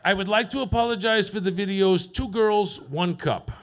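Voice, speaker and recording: A man doing a profane stand-up set at an open mic, deadpan and teasing the crowd. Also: high voice, normal speed, a little hiss or hum. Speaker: stand-up comedian. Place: comedy club stage.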